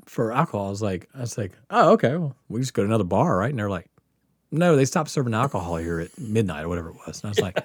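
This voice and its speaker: A man from the Mississippi coast telling a wild story on a podcast, animated, profane and laughing often. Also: on the low side, fast, breathy edge, no echo, clean studio sound. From Mississippi Gulf Coast. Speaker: podcast guest. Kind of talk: casual storytelling.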